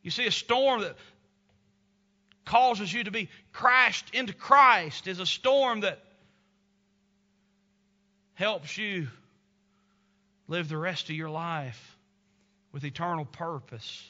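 A man's voice: high voice, slow pace, long pauses, bright, forceful tone. Male pastor, emphatic sermon delivery, somewhat lo-fi sound. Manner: earnest, emphatic, tender. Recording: slightly dull lo-fi recording.

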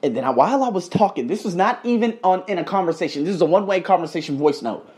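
Male podcast host, loose motivational ramble with swearing, voice swings high and low. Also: quick pace. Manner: rambling, animated, swears freely, addresses listeners as guys. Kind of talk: motivational monologue, casual storytelling.

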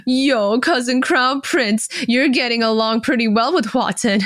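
A woman's voice: on the high side, measured pace, a bit bright, dry recording, clean studio sound, voice pushed up. A woman voicing a mocking young male ghost cousin, taunting in a sarcastic sing-song from a novel she reads aloud.

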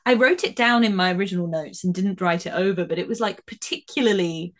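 A woman's voice: lowish voice, fast. A woman co-hosting a podcast, chatting casually and with animation as she reviews a TV episode, often restarting her sentences. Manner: chatty, animated, trails off and restarts, laughs easily. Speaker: podcast co-host.

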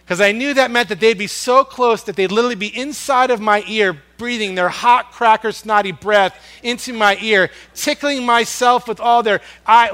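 A man preaching a sermon, earnest and storytelling, swinging from loud emphasis down to a hush on soft words. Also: high-pitched. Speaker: pastor.

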